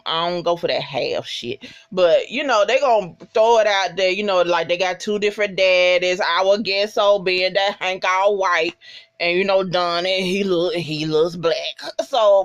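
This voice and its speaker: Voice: mid-range voice, fairly bright tone, no room sound. A vlogger recapping a TV episode in casual, profane, emphatic storytelling and talking straight to viewers. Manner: talks straight to viewers as "y'all".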